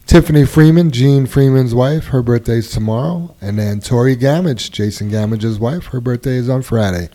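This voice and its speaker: A man's voice: mid-range voice, moderate pace, hardly any pauses. A man hosting a casual workplace podcast, reading out new hires, anniversaries and birthdays. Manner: relaxed, reads names and shout-outs. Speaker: podcast host reading announcements.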